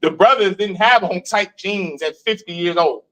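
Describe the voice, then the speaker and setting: A man's voice: high voice, moderate pace, a bit bright, slight background noise, poor audio. A man from Missouri giving a preachy street lecture, telling stories and putting questions to the room. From Missouri, USA.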